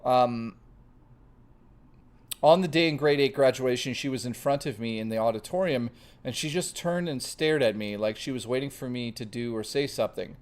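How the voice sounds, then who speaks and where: A man's voice: mid-range voice, normal speed. A man hosting a live stream, chatting casually with viewers, swearing freely and reading the chat aloud. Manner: profane, playful, reads chat aloud.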